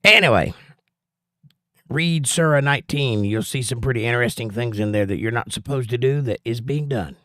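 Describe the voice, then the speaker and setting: A man's voice: medium pitch, normal speed, bright, forceful tone, dry recording, clean studio sound. A man with a Southern US accent hosting a livestream, reading viewers' chat messages and giving opinionated, preachy asides in a casual tone.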